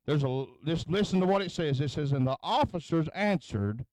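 A man's voice: on the high side, animated, moderate pace, few pauses, darkish tone, dry recording, rough recording. A man preaching at a tent revival into a handheld microphone, punctuating his phrases with a chanted "huh?" as he builds intensity. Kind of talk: revival sermon.

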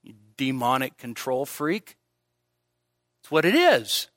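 A man's voice: medium pitch, big pitch swings, slow, fairly bright tone, no echo, clean studio sound. A man preaching an expository sermon in a church service, candid and self-deprecating, with joking asides. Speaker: pastor.

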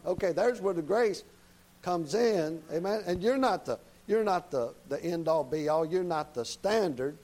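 A male preacher delivers a sermon in a folksy, down-to-earth manner. His voice sits slightly high for a man. He keeps turning to the congregation with short tag questions. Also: expressive, moderate pace, a little mellow, low-quality recording.

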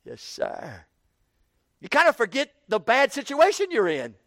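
A man preaching an evening sermon in a folksy way, repeating words and building up to shouted questions. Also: very high-pitched, huge pitch swings, unhurried, no echo, studio quality.

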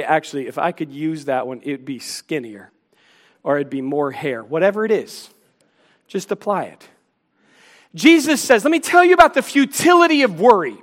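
A man's voice: sits high, fairly bright tone. A man preaching a sermon, earnest and pleading, acting out questions and answers between Jesus and a disciple.

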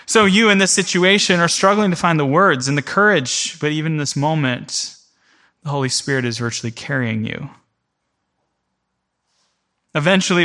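Bright-voiced man preaching to a church class. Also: on the high side. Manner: vivid storytelling in the second person, addressing the room directly. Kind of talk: conversational teaching before a congregation.

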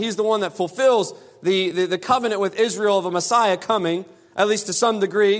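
A man delivers a verse-by-verse sermon, pressing his points with repeated phrases. His voice sits fairly high. The sound rings with a long hall reverb, as in a church sanctuary. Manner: emphatic, repeats phrases for stress. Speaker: preacher. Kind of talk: expository sermon.

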